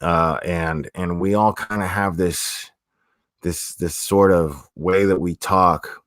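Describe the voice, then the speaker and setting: A man's voice: sits low, fairly even intonation, takes it slowly, a bit bright, no room sound, clean studio sound. A man from South Florida with a South Florida accent, chatting casually on a livestream and answering comments in a rambling, profane way with many restarts. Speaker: streamer.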